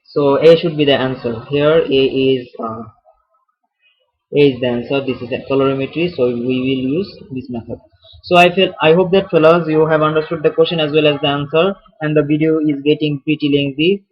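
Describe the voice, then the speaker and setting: A man's voice: on the high side, steady tone, normal speed, husky. A man whose first language is not English, giving an informal chemistry lesson, often restarting and repeating phrases as he thinks aloud. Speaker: chemistry tutor. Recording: dull lo-fi recording.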